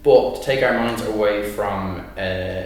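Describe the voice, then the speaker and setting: A young man co-hosts a podcast, chatting casually and rambling with plenty of fillers and laughter. His voice is lowish and a little slow. The room is echoey and the mic sits at a distance.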